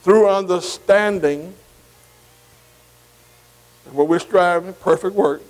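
An older preacher with a high-pitched voice, working through scripture in a loose, conversational sermon. He keeps checking in with his listeners, tossing in "see?" and "amen" between his points. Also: normal speed, a little mellow, poor audio. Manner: repetitive call-and-response, many "see" and "amen" asides. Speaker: pastor. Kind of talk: bible study sermon.

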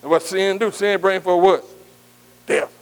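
A man's voice: high-pitched, fairly even intonation, a little slow, clear, resonant tone, rough recording. A man preaching a sermon as pastor, in a call-and-response style that keeps quizzing the congregation and asking "amen". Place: church.

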